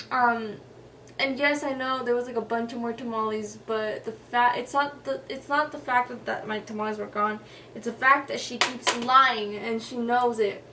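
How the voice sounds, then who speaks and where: Young woman vlogger, higher voice, casual and swearing, a bit off-mic in a faintly noisy room. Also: steady tone, moderate pace, sharp tone, far from the mic. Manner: chatty, profane, lots of "like" and "y'all". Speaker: beauty vlogger. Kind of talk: casual storytelling during a makeup tutorial. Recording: voice a little off-mic with faint noise.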